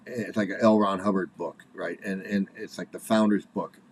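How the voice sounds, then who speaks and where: A man in his forties giving casual spoken commentary, halting and repeating himself, with nervous laughs, worked up and angry. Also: low-pitched, fairly even intonation, husky. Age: 40s.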